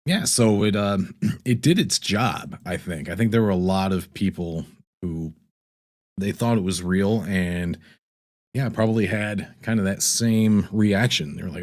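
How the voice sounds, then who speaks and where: A man with a slightly low voice hosts a relaxed live stream. He rambles loosely, reads viewer comments aloud and laughs often between thoughts. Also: moderate pace. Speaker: livestream host. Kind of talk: casual live-stream chat.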